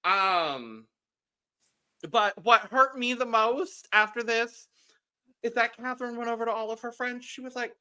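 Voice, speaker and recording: Woman cohost, bright sharp voice, bit high, quick punchy reactions. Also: clean tone. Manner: quick, emphatic reactions and interjections. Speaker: podcast co-host. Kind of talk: casual chat recapping reality TV.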